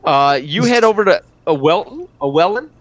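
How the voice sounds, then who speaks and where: A man narrating a tabletop game as game master, halting with fillers and restarts. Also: high voice, expressive, a crowd in the background. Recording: dull lo-fi audio.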